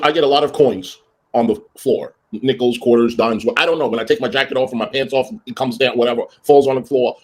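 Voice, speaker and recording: A man telling a story casually on a livestream, ranting and acting out both sides of an argument. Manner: animated, rants and acts out both sides of arguments; greets viewers in a high sing-song voice. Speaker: livestream host.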